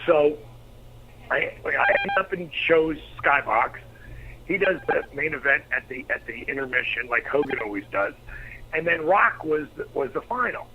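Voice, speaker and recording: A middle-aged man, a former pro wrestler, telling profane, animated anecdotes as an interview guest. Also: fairly high pitch, normal speed, noisy background. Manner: profane, animated storyteller acting out quotes. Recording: slightly dull lo-fi recording.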